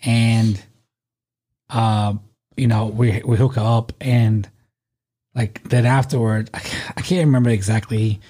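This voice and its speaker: A man's voice: lowish voice, fairly even intonation, takes it slowly, long pauses, warm tone. A man telling rambling, profane stories in a casual podcast chat.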